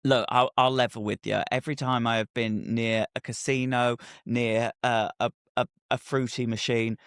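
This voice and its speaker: A man's voice: mid-range voice, little pitch movement, moderate pace, a bit bright, clean tone, no echo, studio quality. A man co-hosting a podcast, switching between a scripted dramatic intro and chatty, stumbling banter. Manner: chatty, stumbles over words. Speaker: podcast co-host. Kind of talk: casual chat and scripted narration.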